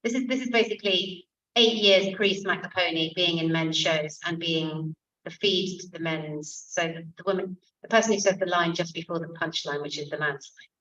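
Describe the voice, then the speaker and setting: A woman in her sixties, an author and comic actress at a book event, telling stories in a lively way with quick asides. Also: on the low side. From England. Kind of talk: conversational talk at a book event. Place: bookshop event room. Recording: distant, muffled event recording.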